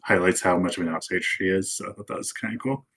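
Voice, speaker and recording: Man, very deep voice, young adult, relaxed explaining, podcast chat, some ums. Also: quick pace, vocal fry, breathy edge. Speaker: podcast co-host. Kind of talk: casual anime review chat.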